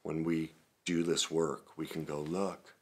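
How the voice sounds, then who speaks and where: A middle-aged man giving a self-help talk, laughing at himself and swinging from hushed earnest passages to loud animated ones. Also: rumbling low, measured pace. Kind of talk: motivational talk to camera.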